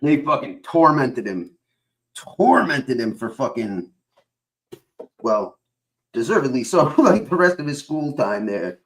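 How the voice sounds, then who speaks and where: A man's voice: mid-range voice, very animated, takes it slowly, long pauses. A man hosting a stream, rambling in casual chat, swearing constantly and filling gaps with uh and whatchamacallit. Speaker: stream host.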